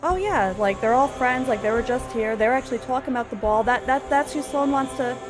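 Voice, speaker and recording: A woman's voice: fairly high pitch, brisk, pitched above the performer's own voice, close to an everyday voice, low-quality recording. A woman voicing a lazy male baron who whines and makes excuses, with casual "like" filler, in a life-sim storytelling video. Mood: defensive. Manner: whiny, casual, full of "like". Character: whiny male baron who dodges work.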